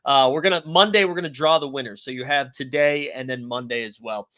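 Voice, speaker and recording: A man's voice: medium pitch, fairly quick, bright, forceful tone. A man hosting a fantasy basketball livestream, chatting loosely and jokingly, greeting viewers by name from the comments. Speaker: fantasy sports livestream host. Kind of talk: casual livestream chat reading viewer comments.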